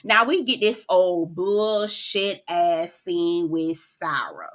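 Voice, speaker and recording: A woman's voice: lowish voice, slow, a bit bright. A woman hosting a reality TV recap in casual commentary, sassy and profane, laughing often and keeping up a stream of "girl" and "child".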